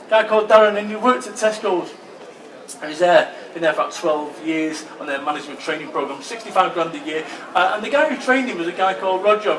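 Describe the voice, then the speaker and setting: A man's voice: sits high, a bit bright. Blunt man in a roomy hall. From northern England. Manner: punchy, blunt, swears for emphasis. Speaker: motivational speaker. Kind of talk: motivational keynote talk. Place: large expo hall. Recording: roomy hall, voice far from mic.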